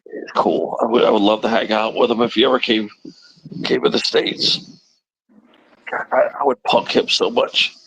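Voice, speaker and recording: A man's voice: mid-range voice, steady tone, normal speed, vocal fry, a bit bright, breathy edge, no room sound, rough recording. A man hosting a casual livestream chat, rambling and teasing with a chuckle. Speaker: livestream host.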